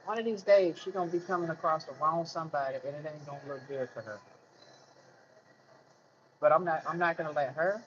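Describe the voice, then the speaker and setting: A man speaks in a somewhat high, light voice, venting bluntly and swearing freely in a candid monologue. He is heated and plainspoken throughout. The recording is dull and lo-fi, with faint noise underneath. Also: a little fast, long pauses, a bit bright. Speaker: vlogger telling his life story.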